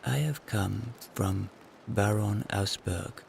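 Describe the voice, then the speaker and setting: A man voicing a polite, formal old gentleman envoy. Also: fairly low pitch, slow pace, gravelly, slight background noise, exaggerated voice. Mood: courteous. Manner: formal, courteous.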